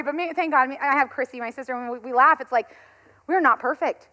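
A woman in her thirties, a pastor giving a conversational sermon, telling stories in an animated way and laughing often. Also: sits high, quick pace.

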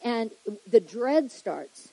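A woman pastor preaches to her leaders in a mellow, slightly husky voice that sits a little high. She keeps it conversational, checking in with "right?" and acting out small quoted exclamations. The sound is close and dry. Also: very animated, extremely slow, dry recording, rough recording. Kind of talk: sermon to church leaders.

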